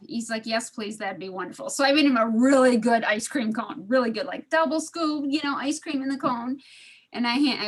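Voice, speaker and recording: A woman's voice: medium pitch, a bit bright. A middle-aged woman chatting casually on a video call, laughing often and acting out the voices in a story. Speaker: study group participant. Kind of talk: casual storytelling in an online group.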